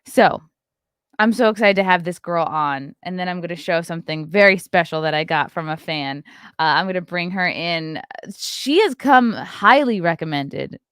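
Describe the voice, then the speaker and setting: A woman hosting a podcast, chatting casually and reading a sponsor spot in an animated, quick-aside way. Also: lowish voice, clear, resonant tone, dry recording, clean studio sound. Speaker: podcast host. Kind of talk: casual chat and sponsor read.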